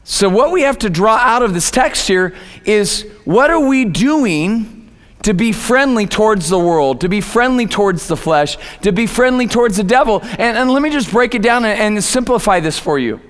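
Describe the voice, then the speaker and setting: A man's voice: high voice, animated, normal speed, a bit bright. A man preaching a sermon as pastor, in a conversational way, often repeating words as he goes. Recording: echoey hall.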